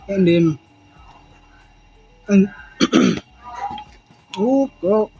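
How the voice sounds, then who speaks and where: High, husky young South African man. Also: normal speed. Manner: animated, rambling, swears freely, acts out moments. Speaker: vlogger. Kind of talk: casual storytelling to camera. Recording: dull lo-fi sound with faint music.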